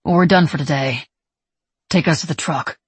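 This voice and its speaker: A woman voicing a terse male team leader in an audiobook, speaking in a measured, flat way. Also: low-pitched, husky, dry recording. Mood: curt.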